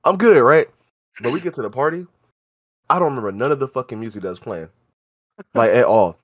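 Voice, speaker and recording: A man's voice: medium pitch, big pitch swings, quick pace. A young man talks in a mid-range voice, loose and slangy, as he chats on a podcast. He tells his story with energy and jumps into quoted lines, putting on the voices of the people in it. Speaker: podcast co-host. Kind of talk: casual storytelling chat.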